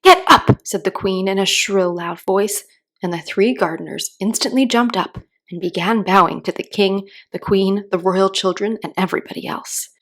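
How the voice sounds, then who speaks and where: A woman calmly reading a children's story aloud in a slow, gentle, soothing way. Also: mid-range voice. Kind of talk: calm read-aloud storytelling.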